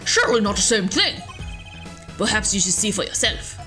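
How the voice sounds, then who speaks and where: A woman voicing a smug young male prosecutor who talks in a smooth, theatrical way. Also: mid-range voice, big pitch swings, moderate pace, sharp tone, faint music behind.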